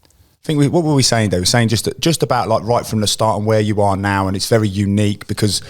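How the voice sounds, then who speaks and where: Jokey english guy in his 40s hosting a podcast, lowish voice, rambles a lot. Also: fast talker. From England. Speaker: podcast host. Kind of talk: casual chat.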